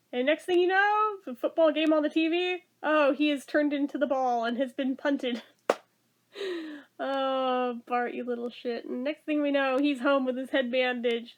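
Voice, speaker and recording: A woman giving a casual spoken review of a TV episode, chatty and full of laughs, with "like" in almost every sentence. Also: high voice. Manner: chatty, laughs often, says "like" a lot.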